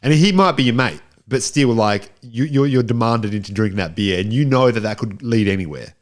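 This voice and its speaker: A man's voice: medium pitch, lively intonation, fairly quick. An Australian man co-hosting a film review podcast in casual chat, often repeating and restarting his words.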